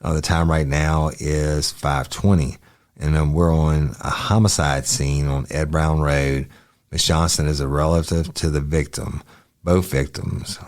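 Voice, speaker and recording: A man's voice: a bass voice, no echo, studio quality. A man, a former detective hosting a podcast, reading case transcripts aloud in a matter-of-fact way. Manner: matter-of-fact, brisk asides.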